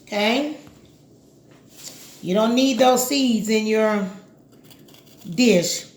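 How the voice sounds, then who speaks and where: A woman's voice: a little high, extremely slow, echoey room. A woman hosting a cooking video, chatting casually and giving step-by-step instructions straight to the viewer.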